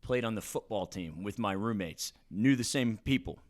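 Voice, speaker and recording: A man co-hosting a podcast, telling stories in an animated way and laughing often. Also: fairly low pitch, moderate pace. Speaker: podcast co-host. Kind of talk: casual podcast chat and storytelling.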